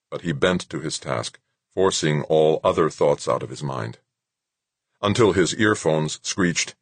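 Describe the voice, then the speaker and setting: A man narrating a novel in a steady, measured way, his voice extremely low with a husky grain. The close mic gives a dry, dead sound with no room around it. It is audiobook narration from start to finish. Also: dry recording. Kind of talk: scripted narration.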